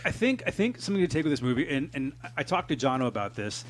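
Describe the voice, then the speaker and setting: A man's voice: on the high side, very animated, quick pace. A man co-hosting a podcast, talking casually and profanely, laughing often. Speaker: podcast co-host. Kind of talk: casual chat.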